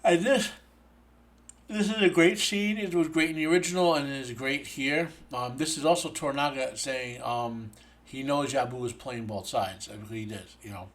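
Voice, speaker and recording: A tired man with a mid-range voice hosts a show, speaking at normal speed and yawning as he gives a casual spoken review of an episode. He rambles, using many fillers and restarting his sentences often.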